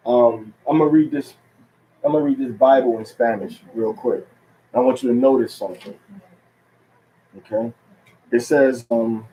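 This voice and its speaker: A man teaching a religious lesson in an unhurried, halting way, with many fillers and restarts, drawing out the words he stresses. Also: medium pitch, dark tone, rough recording. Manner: drawn-out stress on key words. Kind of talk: teaching talk.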